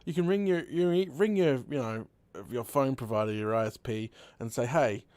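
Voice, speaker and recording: A man's voice: medium pitch, moderate pace, dry recording. A young Australian man hosting a live stream, chatting casually and telling stories with frequent laughs. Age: young adult. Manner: chatty, laughs often, animated storytelling. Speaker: host streamer.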